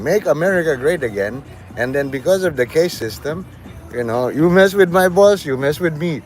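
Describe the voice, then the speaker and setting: A man's voice: on the high side, lively intonation, normal speed, faint music behind, low-quality recording. A man live-streaming outdoors outside a convenience store, rambling offhand and chatting provocatively with viewers.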